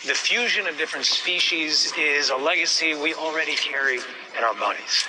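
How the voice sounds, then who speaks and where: An actor playing a driven, brooding male scientist in a film, speaking with quiet intensity. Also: fairly high pitch, moderate pace, lightly acted. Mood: intense. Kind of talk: film dialogue. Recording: noisy movie clip.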